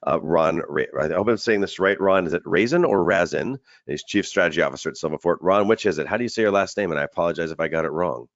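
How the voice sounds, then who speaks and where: Deep-voiced chatty man hosting a webinar. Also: quick pace, few pauses, no echo. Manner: chatty, rambling with restarts. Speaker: webinar host. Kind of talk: casual webinar presenting. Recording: dull lo-fi web call audio.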